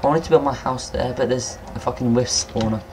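A young man giving casual, rambling let's-play commentary, excitable and swearing at monsters. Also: medium pitch, a little fast, background noise. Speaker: gameplay commentator.

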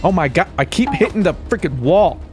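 A man commentating his own gameplay as a video host, joking around and breaking into sudden high yelps. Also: animated, fairly quick, faint music behind. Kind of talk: let's play commentary.

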